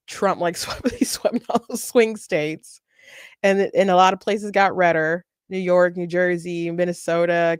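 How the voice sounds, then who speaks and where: A woman's voice: lowish voice, no room sound, clean studio sound. A woman hosting a political commentary show, talking casually and emphatically, repeating phrases and laughing often.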